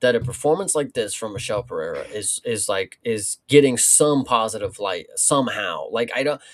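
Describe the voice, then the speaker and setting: A man's voice: lowish voice, expressive, moderate pace. Male co-host, fired-up and profane, casual fight chat storyteller. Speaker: podcast co-host.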